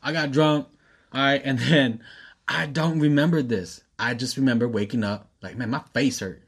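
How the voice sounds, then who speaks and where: Brief: man, 20s, casual storyteller, laughs a lot, animated and profane, mid pitch. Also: normal speed, slightly rough. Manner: laughs often, animated when quoting, profane.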